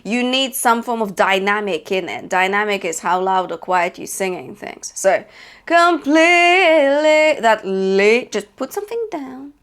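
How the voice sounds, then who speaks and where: A woman's voice: mid-range voice, big pitch swings, moderate pace, few pauses, fairly bright tone. A woman vocal coach teaching a singing lesson, encouraging and breaking in with short sung demonstrations. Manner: encouraging, demonstrates sung phrases between explanations.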